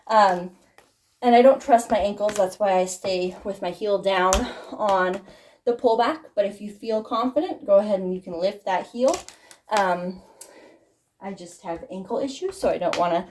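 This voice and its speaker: A woman tap dance teacher walks through a step, counting it out loud in a friendly, encouraging voice, a little out of breath from dancing. Her voice sits at an ordinary middle pitch, and tap shoe clicks and steady background noise come through the recording. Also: measured pace. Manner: friendly, encouraging, laughs at her own slips. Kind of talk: instructional tutorial, counting steps aloud. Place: dance studio.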